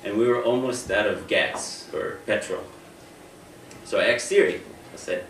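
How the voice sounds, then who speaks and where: A young American man does animated stand-up on a stage in a room, speaking at a normal speed and a medium pitch. He keeps restarting sentences while making fun of himself, captured by a distant mic amid echo and faint noise.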